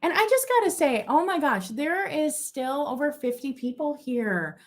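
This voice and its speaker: A young woman from Minnesota runs a casual live-stream sale of vintage goods. She chats warmly and gushes over each piece, with lots of "um" and "like" and quick asides, and her voice sits a little high. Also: big pitch swings. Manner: chatty and gushing, with many fillers and asides. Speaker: live auction seller.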